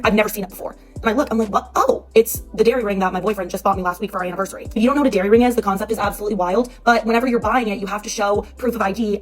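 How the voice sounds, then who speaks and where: A woman telling a personal story quickly and animatedly, vlog style. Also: medium pitch, slightly rough.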